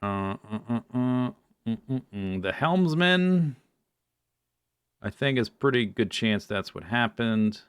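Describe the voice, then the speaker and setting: A man's voice: medium pitch, expressive, takes it slowly, smooth, dry recording, studio quality. A man streaming a puzzle game, thinking aloud and muttering to himself in casual commentary. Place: home streaming setup.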